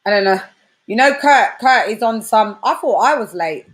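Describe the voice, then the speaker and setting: A woman's voice: a little high, normal speed. A British woman, a grime and dancehall artist hosting a casual livestream chat, full of slang and boastful trash talk. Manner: animated, slangy, trash-talking banter. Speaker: host.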